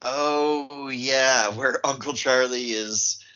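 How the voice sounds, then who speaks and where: A man co-hosting a podcast about films, playful and quick to laugh. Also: medium pitch, fairly even intonation, sharp tone. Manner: playful, laughs often, slips into quick character voices. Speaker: podcast co-host. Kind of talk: casual film discussion. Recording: dull lo-fi sound.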